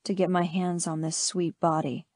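A woman voicing a teasing, hungry young man in an audiobook, speaking in a rough, low growl. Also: flat delivery, normal speed, a little mellow, no room sound, studio quality, lightly acted.

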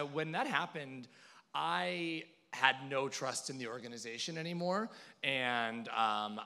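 Bright-voiced male panel moderator. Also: a little high. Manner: candid, conversational, hesitant with fillers. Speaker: moderator, conference organizer. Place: conference stage with audience.

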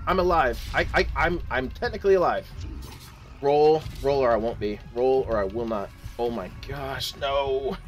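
Young guy doing let's play commentary, talks to himself, frantic yelps, slow-ish but voice jumps all over. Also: mid-range voice, animated, soft background music. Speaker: gaming channel host.

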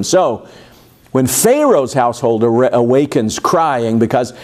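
A man leading a Bible study in a church, in a mid-pitched, conversational voice. He wanders into asides with plenty of fillers and lifts his voice for emphasis when he reads the text. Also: expressive, measured pace, a little mellow. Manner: digressive, many fillers and asides, rises for emphasis when reading.

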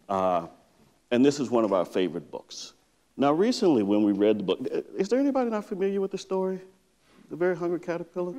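A middle-aged man, a psychotherapist, giving a conference talk and telling a story by acting out how he reads to his daughter. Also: lowish voice. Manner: storytelling, lively, acts out reading to his daughter. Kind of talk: conference presentation. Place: large lecture hall with reverb. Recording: long hall reverb.

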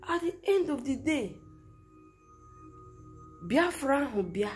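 A woman's voice: high voice, big pitch swings, a little slow, faint music behind. A woman with a Nigerian Igbo accent giving an earnest, lamenting monologue full of rhetorical questions. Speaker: commentator. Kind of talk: impassioned monologue mixing Igbo and English.

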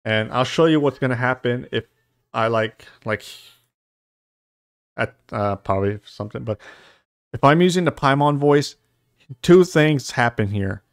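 A man's voice: medium pitch, a little slow, long pauses, no room sound, studio quality. A young man casually explaining voice-changer settings in a rambling tutorial, swearing now and then. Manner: rambling, casual, curses lightly. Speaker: host. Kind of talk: software tutorial. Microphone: studio mic with noise suppression.

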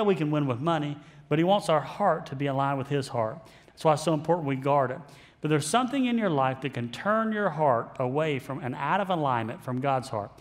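Male pastor, slightly high voice, relaxed joking sermon delivery, long church reverb. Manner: conversational, self-deprecating humor.

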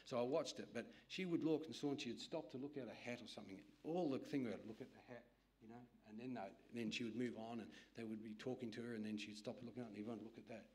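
A man's voice: medium pitch, fast, darkish tone. Man preaching in rambling stories. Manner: rambling, conversational storytelling with restarts. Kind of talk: sermon with personal stories.

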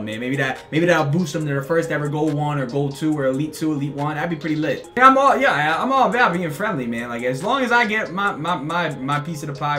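Excitable young man, bright gaming commentary. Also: a little high. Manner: excitable, slangy, trash-talking the opponent. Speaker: gaming YouTuber. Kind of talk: casual gameplay commentary.

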